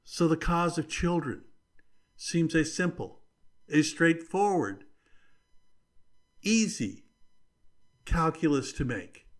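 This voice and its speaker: A man hosts a leadership podcast in a slow, carefully paced delivery. His voice sits a little high for a man, and he leans hard on key words and lets them hang between pauses. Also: lively intonation. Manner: slow, deliberate, emphatic with measured pauses. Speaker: podcast host. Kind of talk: scripted leadership commentary.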